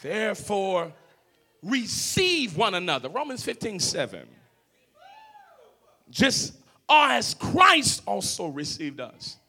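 A man preaching a sermon as pastor of a church, swinging from shouted lines to low, quiet talk. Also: very animated, slow, pauses often, breathy edge. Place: church sanctuary.

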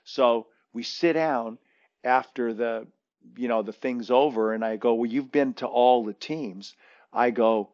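A man's voice: mid-range voice, steady tone, a little slow, a little mellow, lo-fi sound. A man who coaches basketball, telling a long story in casual chat, rambling with many restarts and fillers.

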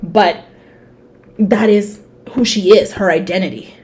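A woman's voice: medium pitch, unhurried. A young adult woman co-hosting a podcast, chatting casually, swearing and acting out scenes as she tells stories. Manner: animated storyteller, swears, mimics her mother. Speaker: podcast co-host.

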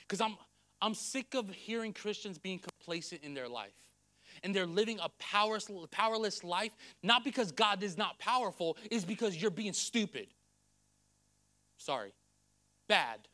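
A man pastor delivering a sermon in church, blunt and emphatic, swinging between soft passages and loud ones. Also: high voice, big pitch swings, a little slow, long pauses. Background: faint music.

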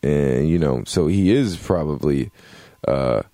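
A low-pitched man talks loosely and profanely as a podcast co-host, retelling scenes in quick put-on voices. His voice is dry, with almost no room sound. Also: animated, dark tone, no echo. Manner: swearing, acts out scenes in quoted voices. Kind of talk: casual review chat.

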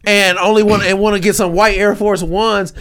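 A man's voice: high voice, little pitch movement, normal speed, fairly bright tone. A young man co-hosting a podcast in casual chat. He talks emphatically, restarts his sentences and acts out quotes. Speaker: podcast co-host.

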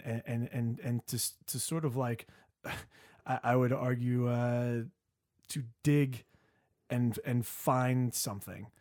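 A man's voice: medium pitch, darkish tone, dry recording, clean studio sound. A man hosting a casual podcast chat, rambling with many restarts and fillers. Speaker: podcast host.

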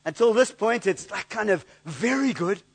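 Earnest and searching, a pastor preaches a sermon, his high voice expressive with a breathy edge and his speed normal. He keeps repeating words while he looks for the next idea.

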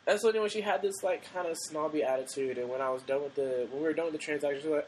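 A man's voice: on the high side, quick pace, a little hiss or hum, rough recording. A young man in his late teens co-hosting a podcast, telling a rambling story and acting out the quotes. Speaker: podcast co-host. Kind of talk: casual chat.

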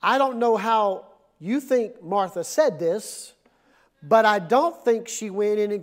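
A male pastor delivering a sermon in a church auditorium. His voice sits high for a man, and his manner is conversational and animated, drawing the congregation in with questions. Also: slow. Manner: conversational, animated preaching, asks the crowd. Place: air-conditioned church auditorium.

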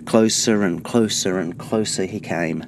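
A man reading aloud from his own novel in a measured, intimate way. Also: low voice, a little hiss or hum.

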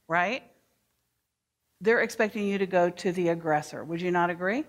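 A woman with a lowish voice gives a workshop talk to teachers at a normal pace, pausing often. She speaks emphatically and keeps asking the room questions.

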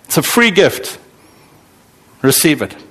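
Male pastor preaching, high voice swooping all over, asks the crowd stuff and answers himself. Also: slow, slightly rough. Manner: animated, acts out voices of believers and God; asks the congregation questions and answers them. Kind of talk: sermon.

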